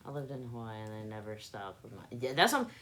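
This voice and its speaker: Low-voiced southern woman chatting on a livestream. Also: lively intonation, brisk, a bit bright, a little hiss or hum. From South Carolina. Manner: laid-back, playful, repeats words to test her pronunciation. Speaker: livestream host. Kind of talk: casual chat with live chat.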